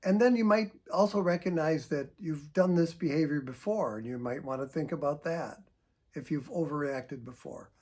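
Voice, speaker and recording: An older man, a psychotherapist, giving earnest, emphatic advice straight to camera and showing how to sigh out deep breaths. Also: normal speed, darkish tone. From United States. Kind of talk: direct-to-camera advice talk.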